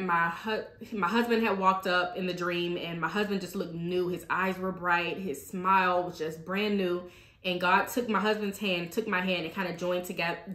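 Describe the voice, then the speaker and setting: A woman's voice: lowish voice, a bit bright. Earnest woman sharing her faith, echoey room. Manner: earnest, conversational, addresses listeners as y'all. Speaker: ministry host. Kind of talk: personal faith testimony and devotional talk.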